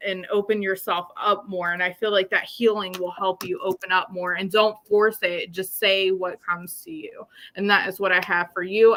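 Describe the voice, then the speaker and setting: A woman reading tarot cards aloud and gently giving advice. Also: mid-range voice, slight background noise, low-quality recording. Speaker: tarot reader. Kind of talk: live group reading.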